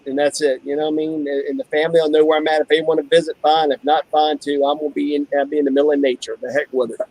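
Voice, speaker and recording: Fast-talking folksy man. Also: fairly high pitch, flat delivery, a little mellow, no room sound, rough recording. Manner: blunt, folksy, joking. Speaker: co-host of a homestead channel. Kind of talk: casual chat.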